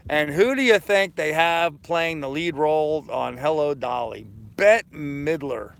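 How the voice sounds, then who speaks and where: A man's voice: on the high side, measured pace, gravelly, a bit bright, smooth. A tired man in his fifties chatting casually on a live stream from his anchored sailboat, rambling easily and answering viewers' comments. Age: 50s. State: tired, yawning. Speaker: sailing vlogger reading live chat.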